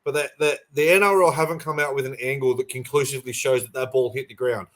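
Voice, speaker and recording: A man's voice: medium pitch, fairly even intonation, fast talker, a bit bright. A man co-hosting a sports podcast over a remote call, talking passionately and rambling with restarts. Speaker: podcast co-host. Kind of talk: casual sports chat.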